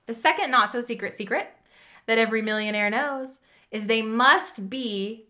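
A woman's voice: mid-range voice, pushed and bright. A woman hosting a podcast, giving an emphatic, chatty motivational monologue that speaks straight to the listener. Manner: emphatic, direct, addresses listener as friend; chatty with fillers and restarts. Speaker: podcast host.

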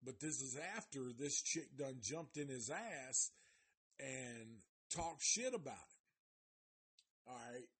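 A man's voice: mid-range voice, slow, slightly rough. A man hosting a live review show, retelling a story in a casual, profane way with lots of slang and cursing. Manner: animated retelling with exaggerated voices of the people in it; heavy cursing, loose slangy delivery. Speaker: live show host reviewing a documentary series.

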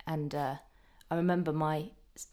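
A woman's voice: sits low, fairly even intonation, moderate pace, darkish tone. A woman, chatting as a guest actor and telling stories about herself. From England. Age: 30s. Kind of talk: casual chat.

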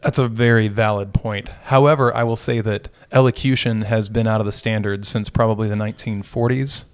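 A man's voice: lowish voice, fairly even intonation, brisk, clean tone. A middle-aged man co-hosting a podcast, chatting casually and joking, rambling with restarts. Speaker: podcast co-host.

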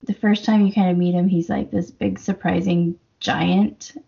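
Female podcast co-host, casual and giggly, gravelly tone, dull lo-fi recording. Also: fairly low pitch, flat delivery, moderate pace, mellow. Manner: chatty, laughs often, lots of fillers. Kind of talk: casual book discussion.

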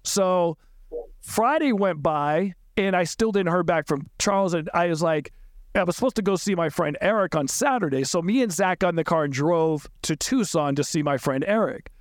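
High-voiced man recounting a painful story. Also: dry recording, clean studio sound. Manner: halting, repeats and restarts words, rises sharply when upset. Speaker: podcast guest recounting events. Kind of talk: emotional personal recollection.

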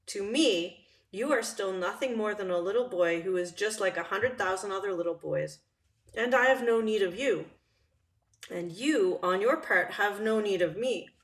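A woman voicing a wise, gentle male fox in a calm, measured storybook reading. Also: medium pitch, lightly acted. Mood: earnest.

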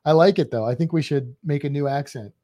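A man's voice: fairly high pitch, quick pace, dark tone. A man co-hosting a podcast live stream, chatting casually, joking and reading out viewer comments. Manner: chatty, jokey, reads chat comments aloud. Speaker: podcast co-host.

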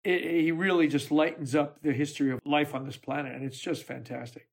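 A man's voice: a little high, fairly even intonation, a little fast, gravelly. A man co-hosting a podcast in casual chat, telling stories eagerly. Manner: eager storytelling. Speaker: podcast co-host.

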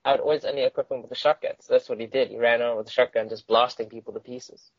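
A man's voice: medium pitch, fairly even intonation, racing, no echo, highs cut off. A man co-hosting a casual chat, enthusiastic and rambling, often laughing. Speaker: podcast co-host.

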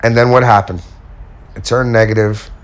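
A man's voice: lowish voice, steady tone, normal speed. A man speaking casually and candidly to his viewers, giving self-help advice and telling a personal story with acted-out quotes. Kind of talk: casual motivational talk to viewers.

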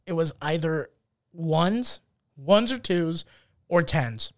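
A man's voice: on the high side, lively intonation, slow pace, dry recording, studio quality. A young man co-hosting a podcast, telling stories in a casual chat and acting out the people he quotes. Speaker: podcast co-host.

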